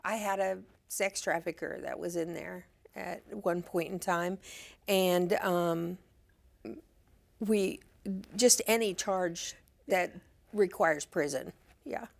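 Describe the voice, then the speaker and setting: A woman's voice: fairly low pitch, slow, creaky. A woman who leads a street and jail ministry, talking earnestly as a guest on a talk show, often restarting her sentences and laughing easily. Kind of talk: casual talk-show chat.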